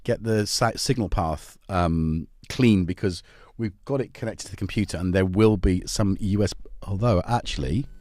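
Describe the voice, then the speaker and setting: A man's voice: low voice, normal speed, darkish tone, no room sound, studio quality. A man hosting a casual live stream, rambling and joking, drifting off on tangents and talking to his cats. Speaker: livestream host.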